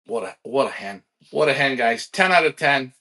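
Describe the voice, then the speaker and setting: A man hosting a live-streamed pigeon auction, energetic and salesy, talking straight to his viewers. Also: mid-range voice, moderate pace. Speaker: livestream pigeon auction host.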